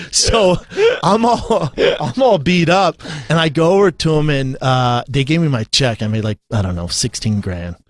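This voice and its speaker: A man's voice: fairly high pitch, a little slow, dry recording, clean studio sound. A man in his thirties, a guest in a casual interview, talking bluntly and swearing freely with lots of repeated words. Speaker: guest, former fighter.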